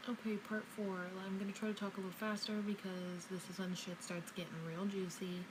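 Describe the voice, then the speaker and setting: A woman's voice: mid-range voice, little pitch movement, fairly quick. A young woman telling a story in parts to her phone camera, emphatic and swearing freely. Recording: noisy phone recording.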